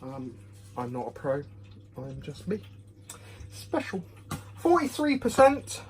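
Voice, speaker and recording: A man's voice: on the high side, huge pitch swings, takes it slowly, a little mellow. A man giving a casual, rambling whisky review at home. He is self-deprecating and fills his talk with ums, recorded on a phone. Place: home room. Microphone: phone camera.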